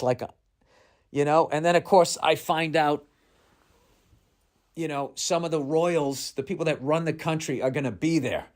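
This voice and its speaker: A man's voice: on the high side, a little slow, long pauses. A middle-aged male comedian telling a rambling, profane, self-mocking story in a podcast monologue.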